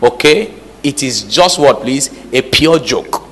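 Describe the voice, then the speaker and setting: In a reverberant church hall, a man preaches a sermon, quizzing the congregation in call-and-response fashion and repeatedly checking "All right?" His medium-pitched voice is expressive and a bit bright, taking things slowly, with a little hiss or hum on the recording.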